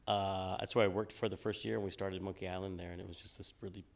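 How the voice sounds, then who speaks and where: Deep-voiced relaxed man. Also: fast, vocal fry. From United States. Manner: relaxed, rambling, many fillers and restarts. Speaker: game designer guest. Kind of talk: casual interview on stage.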